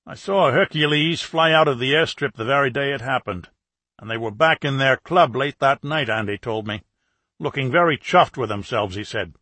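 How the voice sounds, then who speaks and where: Chatty middle-aged plumber and ex-soldier, gossipy pub talk, raised pitch, husky edge, read by a male audiobook narrator. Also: normal speed, pushed and bright, dry recording. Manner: gossipy, talkative.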